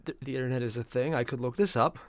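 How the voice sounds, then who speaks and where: A man's voice: medium pitch, fast, no echo. A man hosting a casual reaction video, rambling and repeating himself as he talks through his thoughts.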